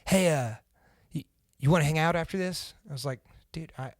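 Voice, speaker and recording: A man's voice: fairly high pitch, fairly quick, dry recording, clean studio sound. Casual young man telling a story. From Central Indiana. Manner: casual and profane, acts out the quoted lines. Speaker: podcast guest.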